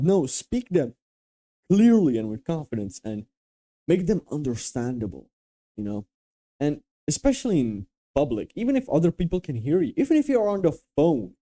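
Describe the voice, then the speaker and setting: A man's voice: fairly high pitch, very animated, normal speed, mellow. Blunt, profane young man from Romania. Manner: blunt, profane, emphatic, with restarts. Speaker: dating and confidence coach. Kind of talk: casual advice talk.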